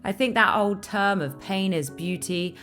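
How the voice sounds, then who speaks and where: Speaking at a measured pace in a mid-range, fairly bright voice, a young beauty vlogger chats to the camera. She's upbeat and shares confidences with viewers, while music plays faintly behind her.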